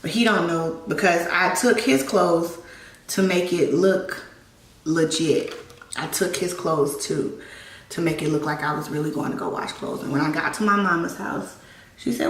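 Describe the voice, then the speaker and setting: A young woman speaks in a personal vlog, her voice gravelly and fry-laden. She talks haltingly and emotionally, stumbling and restarting as she holds back tears. The sound is roomy and a little distant from the mic. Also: fairly low pitch, expressive. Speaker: vlogger. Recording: echoey room, voice a bit off-mic.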